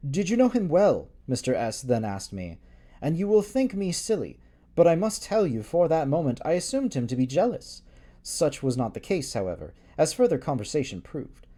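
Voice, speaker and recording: A man's voice: fairly high pitch, big pitch swings, moderate pace, warm tone. A man reading a gothic novella aloud on a livestream, playful and prone to swearing asides and giggling breaks. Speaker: reader streaming a book reading.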